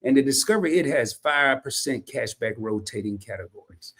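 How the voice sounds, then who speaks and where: A man hosting a casual livestream, reading viewer comments in a folksy, slangy, animated way. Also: mid-range voice, normal speed. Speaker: livestream host.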